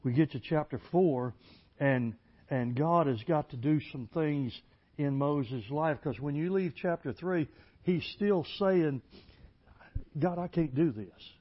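A man preaching a folksy storytelling sermon, plainspoken and building to loud, emphatic passages. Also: fairly high pitch, slow. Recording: dull lo-fi recording.

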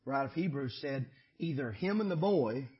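A man preaching a sermon as pastor, shifting between shouted climaxes and quiet conversational asides. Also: mid-range voice, expressive, normal speed, dull audio.

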